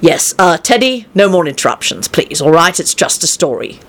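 A woman doing a low, stern, weary dad. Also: very animated, normal speed, a bit bright, heavily acted. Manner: low, clipped and firm.

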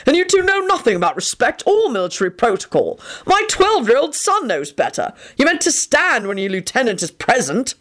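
A woman voicing a stern, angry officer who shouts and barks orders. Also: high-pitched, very animated, fairly quick, few pauses, voice pushed up.

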